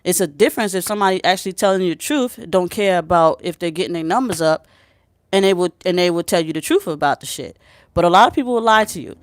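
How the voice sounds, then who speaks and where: A woman's voice: fairly low pitch, fast, no room sound, studio quality. A woman talking straight to the camera, giving spiritual advice in a casual vlog. She is emphatic, preachy and blunt, swears freely, and keeps checking in with the listener. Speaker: spiritual reader.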